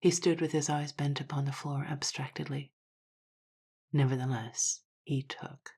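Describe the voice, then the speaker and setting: Low husky woman telling a story. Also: fairly even intonation, unhurried, darkish tone. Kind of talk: scripted narration of a classic story.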